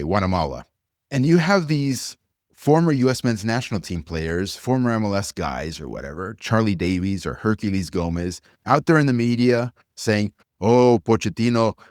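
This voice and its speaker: A man's voice: lowish voice, no echo, studio quality. A male podcast co-host ranting with blunt, profane fervor. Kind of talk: heated opinion rant.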